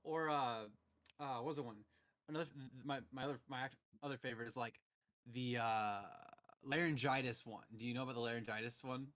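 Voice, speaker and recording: A young man chatting casually over a voice call, his voice bright and forward. He tells stories with animated energy and keeps slipping into the lines he quotes. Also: mid-range voice, a little fast. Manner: animated storytelling, acting out quotes. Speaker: podcast host. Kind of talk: casual chat.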